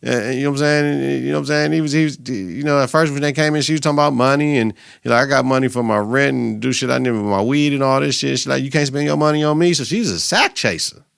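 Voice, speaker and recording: A man hosting a podcast, recapping a TV episode in a casual, profane, animated way, acting out the characters' lines. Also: medium pitch, quick pace, creaky, few pauses, clear, resonant tone, dry recording, studio quality. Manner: animated, profane retelling with quoted voices. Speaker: podcast host.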